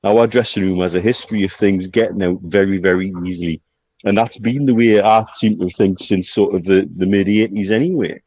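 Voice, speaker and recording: A man talking football on a podcast, his voice sitting low and dry with no room around it. He speaks in a measured, hesitant way, full of ums and restarts. The recording sounds dull and lo-fi. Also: a little mellow, dry recording. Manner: measured, hesitant with many fillers. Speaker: podcast co-host. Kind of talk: casual football chat.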